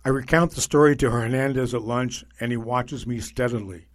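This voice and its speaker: A man narrating a magazine feature in a measured, scripted reading voice. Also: mid-range voice, steady tone.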